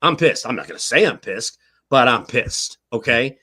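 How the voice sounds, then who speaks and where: A man's voice: medium pitch, animated, normal speed, pushed and bright, husky. An older man giving heated, emphatic football commentary on a streamed talk show, repeating his points and tagging lines with "okay?". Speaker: guest analyst, former team staff. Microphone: online stream call.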